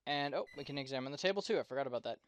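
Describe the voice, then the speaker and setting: A man's voice: medium pitch, animated, racing. A man hosting a let's play, commenting casually on a game in a rambling way, with lots of fillers and self-corrections.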